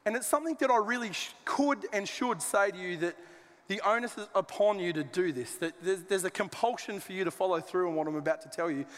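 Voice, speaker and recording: A man's voice: high-pitched, fairly quick, fairly bright tone, big-room sound. A man preaching a sermon as a pastor, conversational and joking with colloquial asides. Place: church auditorium.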